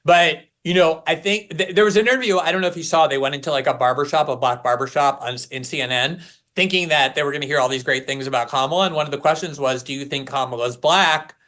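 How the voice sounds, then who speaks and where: Higher-voiced man, scornful commentary. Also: fast, pushed and bright. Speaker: guest commentator. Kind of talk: political commentary chat.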